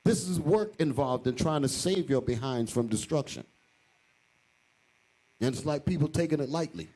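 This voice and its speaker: Deacon guy, frustrated, repeats himself, warm mellow tone. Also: fairly high pitch, animated, moderate pace, breathy edge, low-quality recording. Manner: earnest, frustrated, repeats words. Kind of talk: class teaching remarks.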